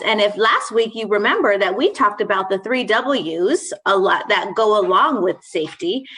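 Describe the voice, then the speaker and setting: Peppy woman sharing school reminders over video, bright voice, a bit high. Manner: energetic, enthusiastic, encouraging. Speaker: school staff co-host. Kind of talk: upbeat school assembly talk. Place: video call for an online assembly.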